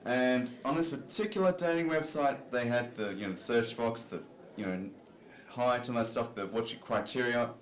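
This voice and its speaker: A man's voice: medium pitch, moderate pace, few pauses, slight background noise. A man doing a stand-up comedy set on a club stage, talking in a loose, self-deprecating way full of "you know" fillers. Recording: roomy club recording.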